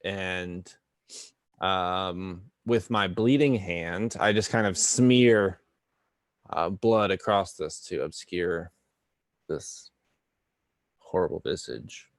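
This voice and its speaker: A man's voice: low voice, slow, long pauses, dry recording, studio quality. A man playing a tabletop game, thinking aloud and asking questions about the scene. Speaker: player. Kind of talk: tabletop role-play.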